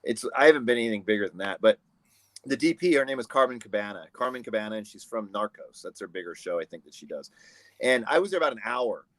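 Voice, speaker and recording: A man from the United States, a guest photographer, telling animated stories in a casual interview over a video call. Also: lowish voice, quick pace, dry recording. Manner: animated storyteller, acts out quoted people.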